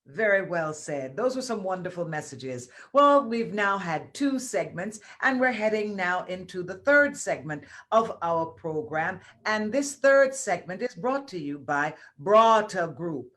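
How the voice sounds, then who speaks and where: Female host linking segments of a virtual event, slow and steady pacing. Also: lowish voice.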